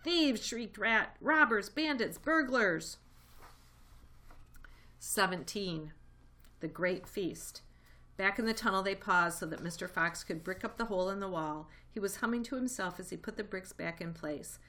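A woman reading a children's storybook aloud, lively and expressive. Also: on the low side, moderate pace. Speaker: reader. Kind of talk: storybook read-aloud narration.

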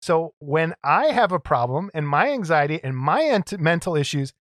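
A man's voice: a little high, very animated, moderate pace, a bit bright, dry recording, studio quality. A man co-hosting a podcast in casual banter, defending how he mumbles when nervous. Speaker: podcast co-host.

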